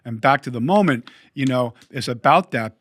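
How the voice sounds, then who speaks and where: A man hosting an interview podcast, asking questions and reflecting in a measured, coach-like way. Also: medium pitch, lively intonation, fairly bright tone. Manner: measured, coaching tone, energy jargon. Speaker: podcast host.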